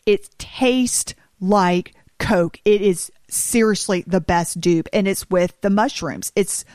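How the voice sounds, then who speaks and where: A woman co-hosting a podcast, chatting casually and telling stories in an animated, teasing way. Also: mid-range voice, slow, no room sound, clean studio sound. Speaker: podcast co-host. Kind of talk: casual chat.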